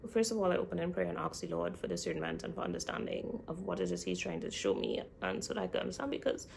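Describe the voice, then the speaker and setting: A woman's voice: lowish voice, wildly swooping pitch, fast, gravelly, a little hiss or hum. A young woman vlogging in a casual, chatty way, speaking straight to her viewers. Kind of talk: casual chat.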